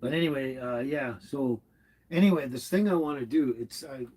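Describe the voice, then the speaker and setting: This is a man chatting on a casual live stream. His voice is a bit husky and sits at an ordinary pitch. He rambles warmly, circles back on his thoughts and chuckles as he talks to viewers. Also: normal speed, low-quality recording. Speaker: livestream host reading chat.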